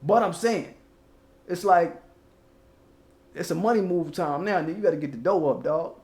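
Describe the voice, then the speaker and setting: A man's voice: sits high, moderate pace, a little mellow, echoey room. A man hosting his own channel, giving loose, profane casual commentary and rapping old lyrics along the way. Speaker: channel host.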